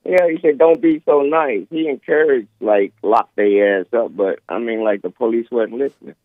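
A California man phones into a talk show and argues his point in a casual, blunt manner. His mid-range voice moves at a moderate pace over a tinny phone line with no echo.

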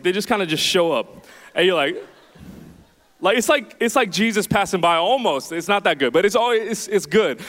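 Young male pastor, casual self-mocking storyteller, high clear voice, long hall reverb. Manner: chatty, self-deprecating, animated storytelling. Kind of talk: sermon with storytelling. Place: church hall with audience.

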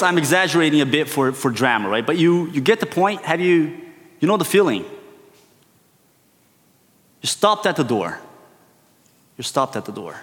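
A man's voice: medium pitch, fairly bright tone. A male preacher opening a sermon with a conversational, storytelling style, often checking in with his listeners. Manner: storytelling, keeps checking in with "right?". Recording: long hall reverb.

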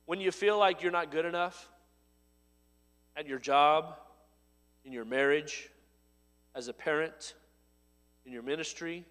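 A man preaching a sermon, his voice swelling to loud emphatic lines and dropping low and soft. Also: a little slow, long pauses, big-room sound. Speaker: pastor.

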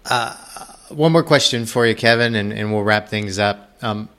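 A man's voice: lowish voice, normal speed, a bit bright. A man hosting an interview podcast, friendly and upbeat, laughing easily as he asks questions. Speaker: podcast host.

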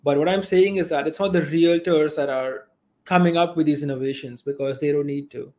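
A man with a fairly high voice co-hosts a podcast in a calm, methodical way. He builds each point out of a concrete example, walking through it step by step. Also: brisk. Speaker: podcast co-host. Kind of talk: casual podcast debate.

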